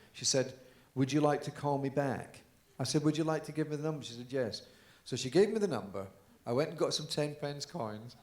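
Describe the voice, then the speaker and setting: A man tells a story on stage at a live event, easy and anecdotal, breaking into laughs. His voice sits at an ordinary middle pitch. The room is big, and his voice echoes off the walls of the conference hall. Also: brisk, few pauses. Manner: chatty anecdotal telling, with laughs. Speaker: guest dancer on stage.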